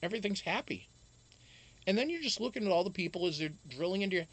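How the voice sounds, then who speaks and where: A man's voice: sits high, lively intonation, quick pace, a bit bright, no room sound. Rambling, profane live-stream host, man. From Wisconsin. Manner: rambling, profane storytelling with chat asides. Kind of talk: casual live-stream chat.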